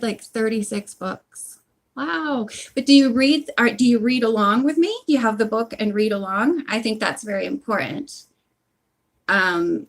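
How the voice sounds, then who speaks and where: Lady knitting and chatting on a phone stream, slow and a bit gravelly, lots of "like"s. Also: medium pitch. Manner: chatty, rambling, many "like"s and asides. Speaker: audiobook channel host. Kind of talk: casual livestream chat while knitting.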